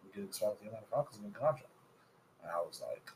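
A man's voice: fairly low pitch, lively intonation, racing, darkish tone, rough recording. Young male co-host, laid-back and understated, casual chat. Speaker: podcast co-host.

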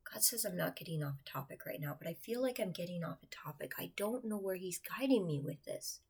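A woman with a lowish, husky voice and a gravelly edge, speaking earnestly straight to her viewers. She tells a personal faith testimony in a confiding tone and often sinks into a hushed whisper. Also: expressive, brisk. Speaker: churchgoer sharing a faith testimony.

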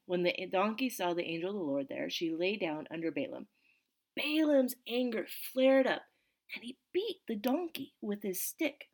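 A woman teaching a casual Bible study, reading verses and then chatting about them in an animated way that is full of asides. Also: fairly low pitch, creaky.

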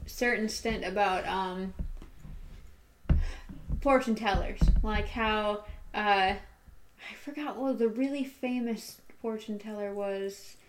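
A woman's voice: mid-range voice, slow, pauses often, noisy background. A woman in casual conversation, telling stories animatedly and acting out the people she quotes. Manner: animated, acts out quoted voices. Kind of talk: casual chat.

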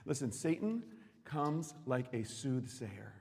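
A man preaching a sermon with passion, swinging between loud declarations and hushed asides. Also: mid-range voice, normal speed. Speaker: pastor. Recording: long reverb hall.

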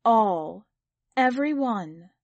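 A woman's voice: medium pitch, a little slow, dark tone, dry recording, highs cut off. A woman reader voicing a proud, tender young mother.

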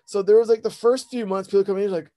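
Man, thirties, casual rambling storyteller, slightly high voice, self-deprecating, slips into quoted voices. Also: fairly even intonation, fast talker, dark tone. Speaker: guest telling his life story.

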